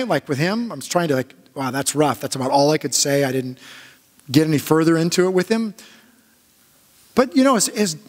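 A male pastor giving a conversational sermon, telling stories in a halting way with frequent restarts. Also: high-pitched. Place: church sanctuary. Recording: long church reverb.

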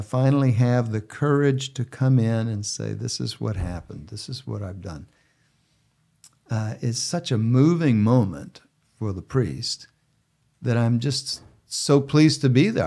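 Measured, gentle-spoken man. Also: mid-range voice. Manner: measured, gentle, with frequent filler uh. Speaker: bishop and podcast host. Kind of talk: conversational podcast chat.

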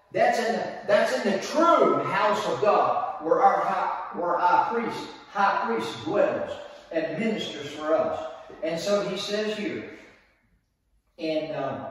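A man preaching a teaching sermon, emphatic, repeating phrases and putting questions to his listeners. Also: sits high. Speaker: pastor. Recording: echoey hall, mic far off.

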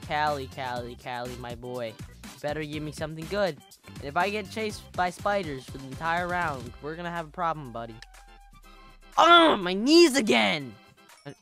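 A woman giving playful, jokey commentary while playing a video game, yelping and laughing often. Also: low-pitched. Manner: excitable, jokey, yelps and laughs. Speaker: gaming YouTuber.

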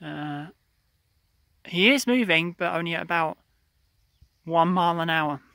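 Outdoors in a field and by a car, a balloon retrieve driver gives a casual running commentary, explaining each step with frequent pauses. His voice is medium-pitched, creaky, and sharp in tone, with no echo.

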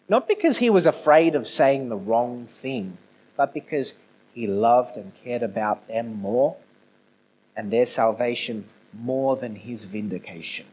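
A male pastor giving a conversational sermon, moving between quiet, intimate passages and raised, emphatic ones. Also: mid-range voice, breathy edge, poor audio. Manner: conversational preaching with swings from soft to emphatic. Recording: no video, audio only.

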